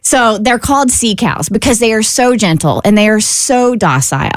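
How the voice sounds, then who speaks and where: A woman co-hosting a radio show, telling a vacation story with animated, gushing delivery and laughter. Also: on the high side, moderate pace, a little hiss or hum.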